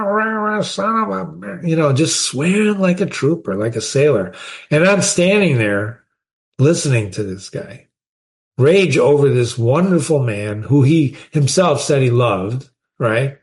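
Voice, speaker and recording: Guy reading old philosophy out loud and chatting about it, emphatic, keeps asking isnt that the truth. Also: medium pitch. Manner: emphatic, asks rhetorical questions. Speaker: host reading and discussing philosophy. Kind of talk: reading aloud with conversational commentary.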